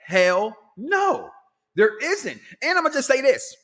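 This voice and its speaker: Loud animated man hosting a talk show. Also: extremely high pitch, takes it slowly. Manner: loud, animated, laughing, reading chat comments. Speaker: podcast host. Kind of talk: casual wrestling talk show.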